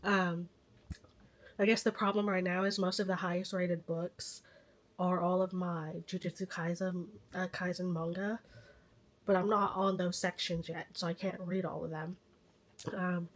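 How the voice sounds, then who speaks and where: Hoarse, stuffy-nosed woman vlogging casually. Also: on the low side, flat delivery, normal speed. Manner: chatty, self-aware dramatic. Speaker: book vlogger. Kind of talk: casual vlog chat.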